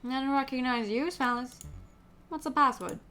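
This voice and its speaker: Pushy crocodile black-marketeer, male, brusque and greedy, slightly high and faint hiss behind, as a woman reads him. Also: normal speed, bright, forceful tone. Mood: suspicious. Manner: brusque and impatient.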